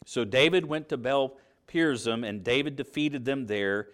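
A man's voice: mid-range voice, normal speed, fairly bright tone, clear, resonant tone. A middle-aged man teaching a Bible lesson in sermon style, asking rhetorical questions and acting out quoted voices. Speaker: preacher teaching a Bible class.

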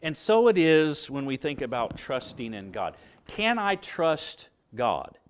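Middle-aged guy preaching a bible lesson, slightly high voice, swings up and down a lot, acts out little quotes. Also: takes it slowly. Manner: animated, acts out quoted voices, asks rhetorical questions. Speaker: preacher teaching a Bible class. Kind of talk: sermon-style Bible lesson.

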